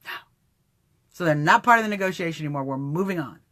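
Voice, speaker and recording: A woman does animated political commentary on a livestream, mocking her opponents, doing voices, and laughing at her own jokes. Her voice is low and her pace quick.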